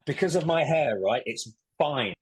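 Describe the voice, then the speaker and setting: A man's voice: on the high side, lively intonation, a little slow, breathy edge. A man in his forties, a guest telling stories in casual chat, candid and swearing freely. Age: 40s. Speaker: podcast guest, musician and ex-footballer.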